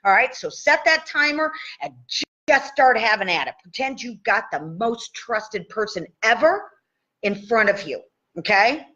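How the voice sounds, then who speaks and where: A woman in her sixties coaching tapping in a casual live session, chatty and animated, checking in with listeners often. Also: a little high, unhurried. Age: 60s. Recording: dull lo-fi live stream audio.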